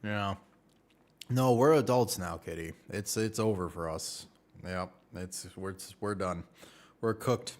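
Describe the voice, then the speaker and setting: A man's voice: fairly low pitch, takes it slowly. A man in his twenties, a game streamer chatting casually and jokingly with his viewers in a rambling way. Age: 20s. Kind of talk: casual live-stream chat.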